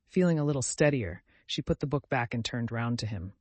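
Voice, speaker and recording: A man narrating an audiobook classic in a measured, even way. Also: mid-range voice, dry recording. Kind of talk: scripted narration.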